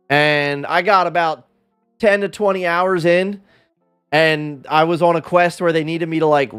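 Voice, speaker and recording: A man's voice: fairly high pitch, clean tone. A man livestreaming in a casual chat, rambling and self-deprecating as he talks with his viewers.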